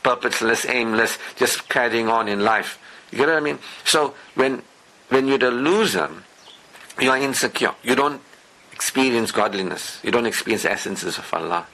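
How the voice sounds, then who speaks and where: Bright-voiced man preaching emphatically. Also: mid-range voice, normal speed, poor audio. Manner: emphatic, repetitive lists, conversational asides; candid about his past. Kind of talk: Friday sermon lecture.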